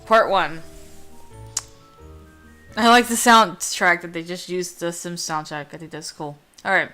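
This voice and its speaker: Lowish bright-voiced woman rambling over a game at home, faint game music behind. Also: steady tone, a little slow. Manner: rambling, chatty, reads game text aloud. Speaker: let's play host. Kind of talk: casual gameplay commentary. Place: home room.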